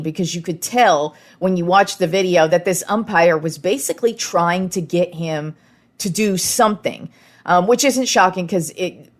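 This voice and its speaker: A young woman hosting a casual sports podcast, talking frankly and with plenty of filler words. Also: lowish voice.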